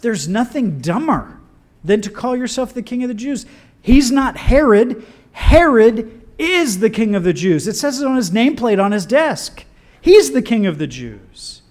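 A man preaching a sermon in an animated, conversational way with wry asides. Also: very high-pitched, measured pace.

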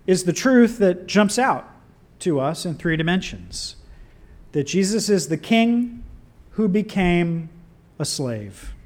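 A man preaching a sermon in an animated, conversational way with wry asides. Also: a little high.

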